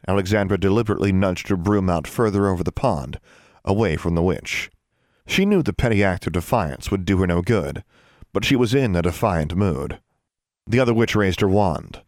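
A man narrating a fantasy novel in an expressive, dramatic storytelling manner, recorded close and dry. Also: deep voice, no echo. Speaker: audiobook narrator.

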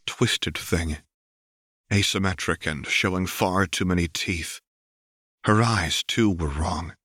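A man with a deep voice narrates a story in steady, measured storytelling. His tone is bright and forceful, and the recording is dry and close, with no room around it. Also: no echo. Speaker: audiobook reader.

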